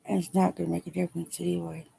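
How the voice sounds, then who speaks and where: A middle-aged woman speaking haltingly and wearily in a personal video diary, emotional as she talks. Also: fairly low pitch, little pitch movement, gravelly, mellow, breathy edge. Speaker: vlogger.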